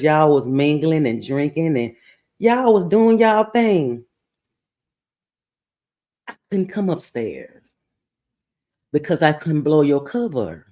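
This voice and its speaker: A woman podcast host telling a testimonial story, animated, laughing and preachy. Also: low-pitched.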